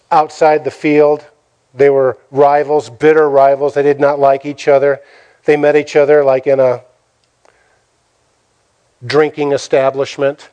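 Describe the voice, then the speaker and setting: A man's voice: fairly high pitch, mellow, smooth. A man preaching a sermon in a dramatic way, asking the listeners rhetorical questions and acting out the quotes he tells. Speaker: pastor.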